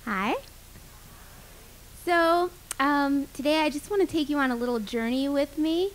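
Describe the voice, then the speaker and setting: A woman's voice: a little high, slight background noise, poor audio. A woman and minister telling a personal travel story on stage, earnest and reflective. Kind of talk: live storytelling. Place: live venue stage.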